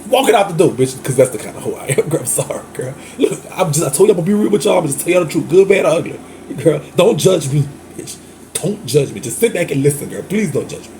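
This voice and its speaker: A man's voice: a little high, warm tone, slight background noise. A man with a New Orleans accent telling a candid storytime monologue, flamboyant and chatty, laughing often and calling his listeners "girl". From Louisiana. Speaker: host.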